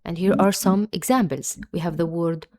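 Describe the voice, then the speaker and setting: A woman's voice: fairly low pitch, normal speed, darkish tone. A woman teaching beginners pronunciation, patiently repeating each letter and word several times before explaining it. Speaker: Arabic teacher. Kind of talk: slow, careful pronunciation lesson.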